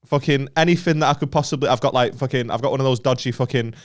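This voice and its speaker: A man's voice: medium pitch, quick pace. A young northern English man co-hosting a comedy podcast in casual, sweary banter, laughing often. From Northern England. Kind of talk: casual chat.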